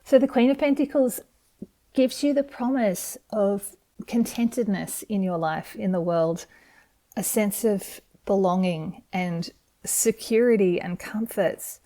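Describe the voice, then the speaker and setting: A woman's mellow, relaxed voice reads tarot cards for her viewers. She speaks in a gentle, encouraging way and sounds openly excited about each card. It comes across as a home video made in front of a camera. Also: medium pitch, measured pace. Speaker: tarot reader.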